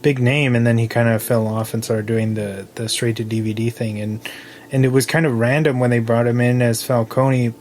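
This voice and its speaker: Young man, podcast co-host, casual, acts out quotes, mid-pitched. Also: level tone, normal speed, a little mellow, slight background noise. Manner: retells scenes, acting out the lines. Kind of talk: casual film discussion.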